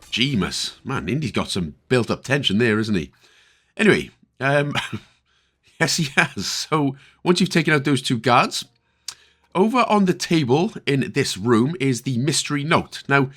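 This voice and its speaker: A man's voice: medium pitch, fairly bright tone. A man with a Northern Irish accent talking through a video game walkthrough, chatty and full of jokey asides. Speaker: video game guide creator. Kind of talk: casual gameplay walkthrough commentary.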